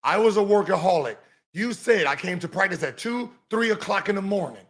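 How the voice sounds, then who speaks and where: High-voiced man ranting and mocking. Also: a little fast. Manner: mocking, animated, breaks into sing-song teasing. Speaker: podcast host. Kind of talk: heated commentary.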